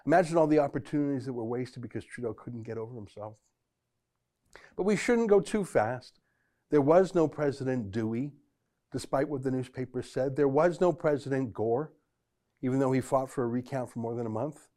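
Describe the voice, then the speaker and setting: A man hosting an opinion show, with a warm, darker tone. He is dryly sarcastic and mocking as he sets up each clip. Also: medium pitch, expressive, moderate pace. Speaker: political commentary host.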